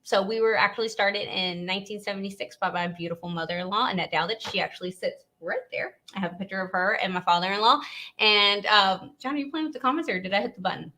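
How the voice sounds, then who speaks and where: A woman's voice: mid-range voice, fast, pushed and bright. A woman from Louisiana, hosting a casual live stream and chatting in a rambling way, laughing often.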